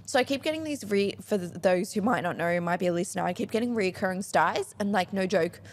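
A woman's voice: mid-range voice, expressive, fast talker, a little hiss or hum. A woman co-hosting a podcast, talking frankly, swearing freely and filling with "like". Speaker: podcast co-host. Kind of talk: casual chat.

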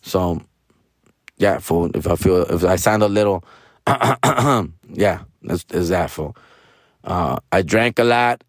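Man, 40s, hoarse and raspy, low voice, swears a lot, slangy casual monologue, dry close sound. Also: slow pace, no echo. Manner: profane, slangy, keeps tagging lines with fool and bro; mixes in Spanish slang. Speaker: comedian.

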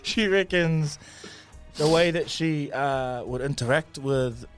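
A man with a New Zealand accent co-hosting a podcast, telling stories in a laughing, animated way. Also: fairly high pitch, takes it slowly, soft background music. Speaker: podcast co-host. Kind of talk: casual chat.

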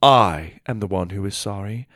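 A man's voice: lowish voice, normal speed, fairly bright tone, no echo, clean studio sound, pitched below the performer's own voice, lightly acted. A man voicing a polite young boy who speaks in a put-on British accent in a storybook reading. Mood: prim, polite. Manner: prim, courteous.

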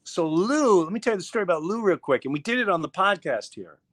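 A middle-aged comedian telling a story in a casual, animated way, acting out what others said. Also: male voice, high-pitched, quick pace. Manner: animated, acts out quoted voices, many restarts. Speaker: comedian guest.

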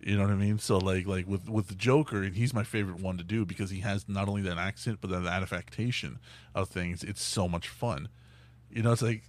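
A man's voice: deep voice, fairly even intonation, fairly quick, dry recording. A man in casual chat who talks eagerly and restarts a lot, repeating words and using fillers.

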